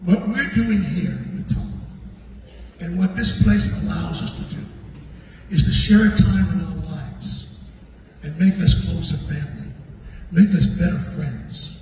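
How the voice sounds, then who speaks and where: An older man, a guest entertainer, telling a story in an animated, chatty way and acting out the voices of the people in it. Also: fairly high pitch, a little slow, slight background noise. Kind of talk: storytelling anecdote. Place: large echoing tunnel venue. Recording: echoey hall from far off, with crowd.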